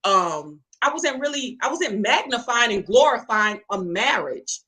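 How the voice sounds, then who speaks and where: A woman's voice: fairly high pitch, big pitch swings, measured pace, pushed and bright, low-quality recording. A woman, an interview guest telling her story in an emphatic, preacherly way and calling out to listeners. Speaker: interview guest, catering business owner. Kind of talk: testimony-style storytelling.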